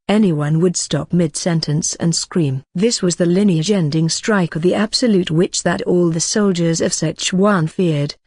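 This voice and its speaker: A narrator reads an audiobook in an even, steady voice at a middle pitch. The recording is dry and close, with no room sound. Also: dry recording.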